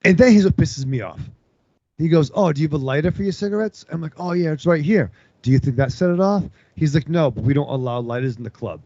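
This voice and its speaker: A man tells a rambling story full of profanity, his gravelly voice leaping up and down as he acts out what other people said. The sound is dry and a little dull, like close podcast audio. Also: a little high, quick pace, no room sound. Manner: animated, swearing, acts out other people's lines. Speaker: podcast co-host.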